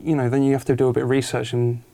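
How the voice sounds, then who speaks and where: A man's voice: mid-range voice, little pitch movement, racing, dark tone. A man interviewing a guest in a casual podcast chat, rambling and correcting himself as he goes. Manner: rambling, self-correcting, lots of fillers.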